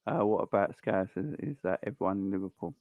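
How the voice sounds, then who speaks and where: A man's voice: low-pitched, quick pace, no room sound, phone-quality sound. A man hosting a live football watchalong stream, chatting casually and rambling between reactions to the play and greetings to viewers.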